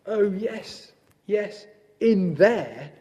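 A man's voice: mid-range voice, steady tone, unhurried, dark tone, long reverb tail, close to an everyday voice. A man voicing an unrepentant male toad from a storybook, impatient and wheedling. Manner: wheedling, then sullen and emphatic.

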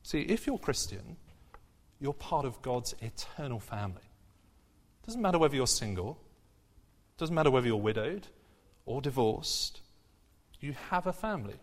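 A man's voice: mid-range voice, sing-song, moderate pace, long pauses. A man preaching a sermon in an earnest, conversational way, with frequent fillers and restarts. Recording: long hall reverb.

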